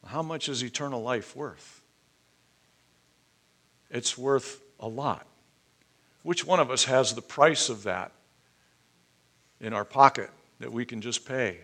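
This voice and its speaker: A man preaching with a bright, forceful voice at a middle pitch. He reads scripture and then explains it in a measured, deliberate sermon. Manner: soft, low-voiced prayer. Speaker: pastor. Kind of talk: sermon with scripture reading and prayer.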